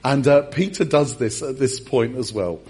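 A man's voice: medium pitch, moderate pace, darkish tone, slightly rough. A man, a pastor giving a humorous sermon in a church service and acting out the story. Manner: humorous storyteller with comic voices.

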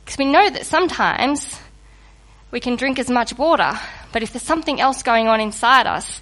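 A woman giving a sermon to a congregation in a lively, conversational and humorous way, just getting over a cold. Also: fairly high pitch, normal speed. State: recovering from a cold. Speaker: preacher.

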